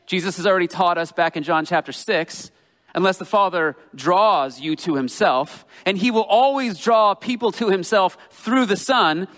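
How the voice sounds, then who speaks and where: Male preacher, slightly high voice, earnest and emphatic sermon delivery, long hall reverb. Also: a bit bright. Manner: earnest, emphatic, slows down for quoted scripture.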